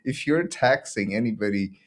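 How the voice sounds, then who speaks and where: A man's voice: fairly low pitch, lively intonation, normal speed. A man from Belgium hosting a casual opinion show, ranting sarcastically and laughing often. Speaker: podcast host.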